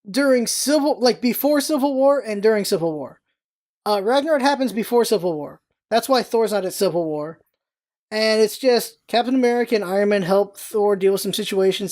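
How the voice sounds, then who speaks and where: A young woman casually reviewing a movie on her vlog, chatty and excitable, rambling with restarts and quick character impressions. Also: medium pitch.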